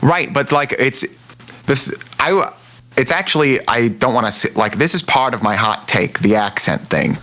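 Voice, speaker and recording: A man co-hosting a podcast, talking in an animated, jumpy way with many restarts in casual chat. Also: medium pitch, normal speed. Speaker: podcast co-host. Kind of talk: casual movie review chat.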